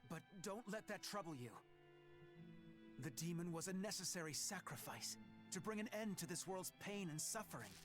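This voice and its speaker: An actor playing a cold, unmoved older villain in a video game, speaking in a measured way. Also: male voice, high voice, animated, fairly bright tone, faint music behind. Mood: coldly calm. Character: cold, calm older male villain lord.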